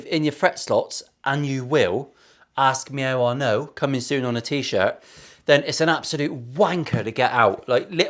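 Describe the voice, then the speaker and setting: A man talks through a guitar build in his workshop, in a voice pitched a little high. His chat is loose and sarcastic, peppered with swearing. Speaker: luthier. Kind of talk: casual workshop build vlog.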